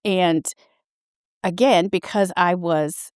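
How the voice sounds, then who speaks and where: A woman in her fifties telling a personal story as a podcast guest, earnest and halting, often restarting her sentences. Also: on the low side, a little mellow, smooth, no echo, clean studio sound. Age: 50s.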